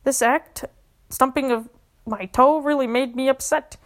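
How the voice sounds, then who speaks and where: A woman's voice: high voice, fairly even intonation, measured pace. A young woman hosting a podcast, earnestly guiding listeners through a self-help exercise and getting emotional at times. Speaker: podcast host.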